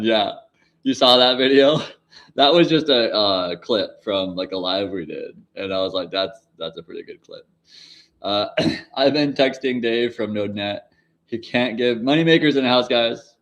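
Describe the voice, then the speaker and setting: A man's voice: fairly low pitch, a little slow. A man in his forties hosting a casual livestream, answering chat questions in a rambling way, laughing often and swearing now and then. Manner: rambling, laughs often, sudden loud outbursts.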